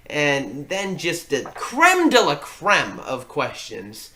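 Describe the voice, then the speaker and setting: Male co-host, lively sports talker, bright tone, lots of pitch movement. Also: slow pace. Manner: animated, laughs often while talking. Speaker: podcast co-host. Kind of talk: casual sports chat.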